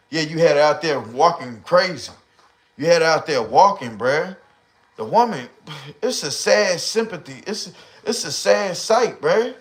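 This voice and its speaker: A man's voice: on the high side, measured pace. A man hosting a livestream, ranting casually in heavy slang and profanity and acting out the people he talks about. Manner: profane, slangy, animated storyteller who acts out voices. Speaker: livestream host.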